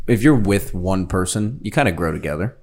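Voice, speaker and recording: A man's voice: deep voice, animated, fairly quick, a loud crowd. A man in his twenties, co-hosting a podcast in crude, joking, opinionated casual chat with many restarts. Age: 20s. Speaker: podcast co-host.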